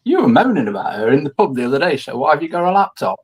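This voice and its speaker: A man's voice: on the high side, big pitch swings, rapid-fire, husky. A man, a guest on a casual chat show, teasing and joking with the host.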